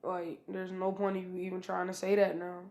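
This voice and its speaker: A woman's voice: fairly low pitch, completely flat delivery, moderate pace, a little mellow, close to an everyday voice. A woman voicing a brash, cold young male ninja hero in a casual fan retelling, talking in a blunt, dismissive way.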